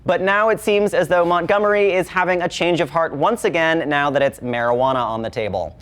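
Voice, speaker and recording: A man's voice: fairly high pitch, a little fast, fairly bright tone. A man anchoring a satirical local newscast, reading in a sardonic, editorializing way. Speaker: news anchor.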